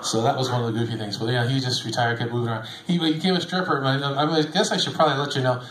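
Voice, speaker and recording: A man's voice: mid-range voice, steady tone, racing, background noise. A middle-aged man, a bus driver, telling rambling stories to a group in a casual, chuckling, self-deprecating way. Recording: echoey room, faint background ambience.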